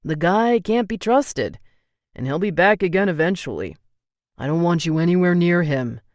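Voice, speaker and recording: A woman's voice: on the low side, expressive, moderate pace, darkish tone, no room sound, clean studio sound, lightly acted. A woman reading an audiobook, voicing a protective young man, the heroine's level-headed but angry older brother, who talks bluntly and swears when riled. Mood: stern.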